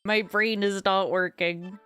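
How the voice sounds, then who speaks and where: Drowsy woman streamer, rambly and giggly with chat, smooth voice in a dead-dry room. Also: medium pitch, fairly even intonation, slow, sharp tone, no echo, soft background music. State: sleepy. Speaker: game streamer. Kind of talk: casual gameplay commentary.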